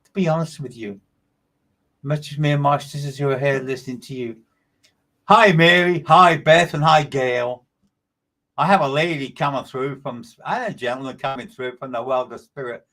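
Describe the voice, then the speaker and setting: A man's voice: mid-range voice, fairly quick. A man working as a medium, giving a live streamed reading in a repetitive, emphatic way and greeting listeners by name.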